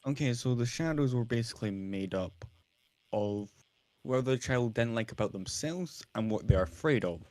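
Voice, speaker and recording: A man's voice: mid-range voice, animated, normal speed, a little mellow, dry recording. A British man chatting casually on a stream, rambling and laughing at himself as he explains a fan series he voices. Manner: rambling, self-mocking, laughs often. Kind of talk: casual chat while streaming.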